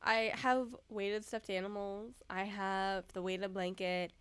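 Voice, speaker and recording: A woman's voice: mid-range voice, flat delivery, takes it slowly, fairly bright tone, clear, resonant tone, no echo. A young woman in casual chat to her viewers at home, sleepy and yawning, often giggling. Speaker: streamer. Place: indoors at home.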